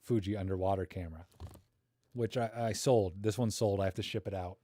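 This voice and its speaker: A man's voice: on the low side, fairly even intonation, fairly quick, mellow. A man hosting a live stream, critiquing viewer photos in joking, rambling chat full of fillers. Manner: joking, rambling, thinks aloud with many fillers.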